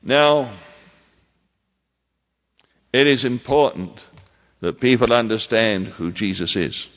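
Male pastor, mid-pitched voice, unhurried emphatic sermon delivery, reverberant church hall. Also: expressive. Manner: measured preaching with emphatic repetitions.

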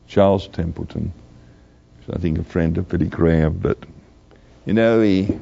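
An older man preaching a sermon slowly and earnestly, repeating his key phrases. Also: low voice, vocal fry, warm tone. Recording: dull lo-fi recording.

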